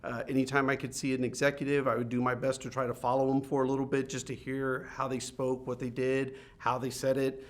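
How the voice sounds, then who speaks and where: A man recounts his career as an interview guest. His delivery is animated and casual, and he breaks into laughter often. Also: medium pitch, fairly quick, hardly any pauses. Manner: animated, laughs often while telling stories. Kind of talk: casual storytelling.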